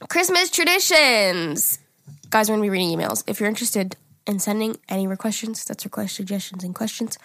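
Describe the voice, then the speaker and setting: A woman's voice: medium pitch, creaky, no room sound, studio quality. A woman co-hosting a casual podcast, chatting loosely with profanity and laughing often, and reading out listener emails. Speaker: podcast co-host.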